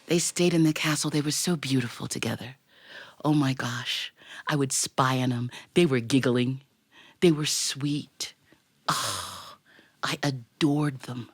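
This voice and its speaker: Playful, animated woman storyteller. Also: rumbling low, unhurried, slightly rough, dry recording. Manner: animated, playful, laughing asides. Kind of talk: first-person storytelling performance.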